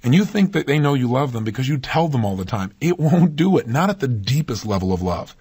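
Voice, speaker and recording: Fast-talking husky motivational speaker man. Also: mid-range voice, big pitch swings, a little mellow. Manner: emphatic, asks the listener rhetorical questions. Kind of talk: motivational talk.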